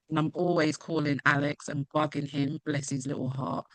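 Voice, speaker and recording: A woman author speaking at her own book launch on a video call, emotional and halting, laughing now and then. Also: low-pitched, steady tone, no room sound. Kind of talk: casual video call chat.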